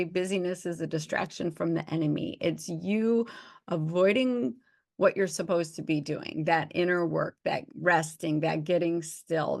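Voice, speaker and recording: A woman's voice: fairly low pitch, vocal fry. A woman doctor hosting an interview, chatting in an emphatic, agreeing way. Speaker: host, doctor. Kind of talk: casual interview chat.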